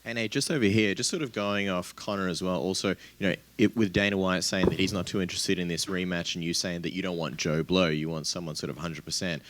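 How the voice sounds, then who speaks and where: Deep fast-talking male reporter. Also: fairly even intonation, a bit bright. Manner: hedging, roundabout questions. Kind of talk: press conference question.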